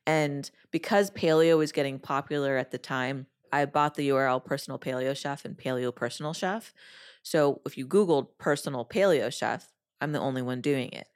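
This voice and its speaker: A woman podcast host telling a personal story in a casual interview, acting out her own past remarks in a lively way. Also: a bass voice, moderate pace, smooth.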